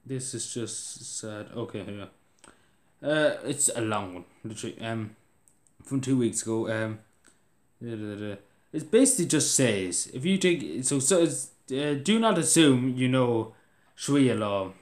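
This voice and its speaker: A man's voice: mid-range voice, lively intonation, measured pace, a little mellow. Worn-out young irish guy ranting into his camera, trips over his words a lot, echoey room. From Ireland. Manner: restless, restarts often, rising to exasperated outbursts. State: tired. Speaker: vlogger. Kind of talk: casual vlog rant.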